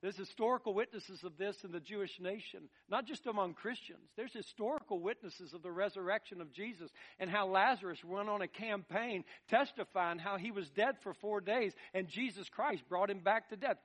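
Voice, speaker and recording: High-voiced male preacher, swinging soft to loud. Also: normal speed, hardly any pauses. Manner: restarts and repeats words when building a point. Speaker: pastor. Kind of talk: sermon.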